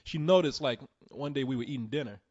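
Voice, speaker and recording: A man's voice: mid-range voice, quick pace, darkish tone, dry recording, lo-fi sound. A man co-hosting a podcast, chatting crudely and joking around, often putting on silly voices. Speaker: podcast co-host. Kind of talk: casual comedic chat.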